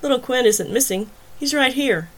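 Casting note: a menacing, mocking male kidnapper in an audiobook, smooth and unhurried in manner, his lines rising a little above the reader's own pitch, read by a woman. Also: lively intonation. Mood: taunting.

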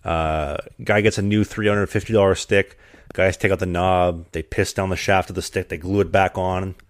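A young man telling stories in a relaxed, rambling way during a casual chat, laughing along with his own tales. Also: low voice, normal speed, dry recording. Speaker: podcast host, hockey player.

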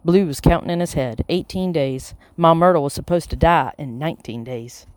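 An audiobook narrator reading a children's chapter book in a steady, even voice. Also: medium pitch, normal speed, dry recording. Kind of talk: scripted storybook narration.

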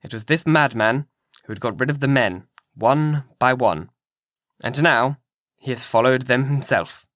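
Man narrating an old novel, slow and serious, dry close recording. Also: medium pitch, fairly bright tone, no echo. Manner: measured, grave reading. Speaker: audiobook narrator. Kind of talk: audiobook reading.

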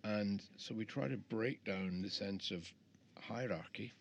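A man's voice: on the low side, unhurried, lo-fi sound. A middle-aged man, an architect guest, talking in a rambling, reflective way with many restarts, in casual interview chat. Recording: faint background noise.

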